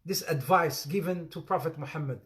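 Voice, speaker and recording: A man with a fairly high pitch and fairly bright tone speaks at a moderate pace, teaching an interactive religious lesson as an Islamic teacher. He repeats phrases to drive points home, calls on students by name, and jokes and laughs often.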